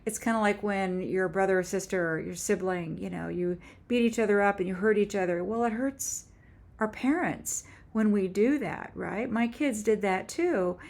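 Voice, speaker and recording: A woman in her seventies telling a heartfelt personal faith story on her own channel, halting and earnest with frequent restarts. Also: mid-range voice, vocal fry, a little mellow. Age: 70s. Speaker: author and YouTuber. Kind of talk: personal faith testimony vlog.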